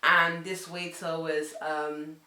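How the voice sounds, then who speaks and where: A young woman telling a casual story, swinging between loud outbursts and hushed asides. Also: low-pitched, flat delivery, slow pace. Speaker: vlogger. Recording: echoey room.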